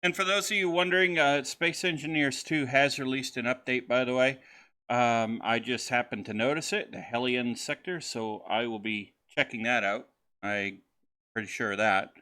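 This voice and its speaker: A man narrating his own game session in a loose, chatty let's-play style. His voice is bright and clear, with plenty of fillers and restarts as he wanders from one thought to the next. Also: mid-range voice, fairly even intonation, normal speed. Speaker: gaming channel host.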